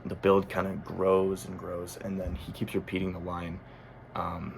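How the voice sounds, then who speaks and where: A man's voice: deep voice, monotone, measured pace, vocal fry, a little hiss or hum. A man talking casually as a music critic, thinking aloud with frequent ums and self-corrections. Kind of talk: casual album review monologue.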